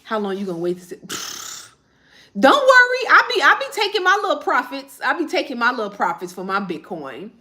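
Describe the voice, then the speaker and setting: A woman's voice: high voice, big pitch swings, moderate pace, pushed and bright. A woman, chatting casually on a livestream and answering viewer comments as she rambles. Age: 30s.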